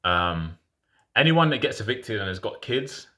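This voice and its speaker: A man's voice: on the low side, very animated, a little slow, sharp tone. A man in his thirties casually telling a personal story in frank, slangy talk full of restarts.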